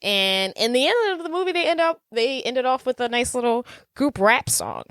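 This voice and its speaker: A woman's voice: high voice, animated, normal speed, fairly bright tone, dry recording, clean studio sound. A young woman co-hosting a podcast, chatting playfully about a movie and often restarting her sentences. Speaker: podcast co-host. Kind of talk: casual movie recap chat.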